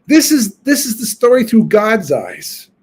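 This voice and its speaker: A man's voice: sits high, big pitch swings, measured pace, a little mellow, husky. A rabbi giving a weekly Torah class, talking informally and thinking aloud as he teaches. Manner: informal storytelling, thinking aloud with frequent restarts. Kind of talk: conversational Torah lecture.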